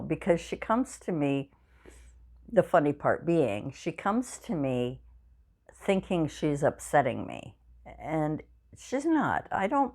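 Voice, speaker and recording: A woman in her sixties with a notably low voice, chatting to her viewers from home. She rambles along in a loose, meandering way, full of "you know" and "um," and sounds tired, fighting back yawns. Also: darkish tone. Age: 60s. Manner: rambling, chatty storytelling with many fillers. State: tired and yawning. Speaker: craft channel vlogger. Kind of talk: casual chat to viewers. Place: home craft room.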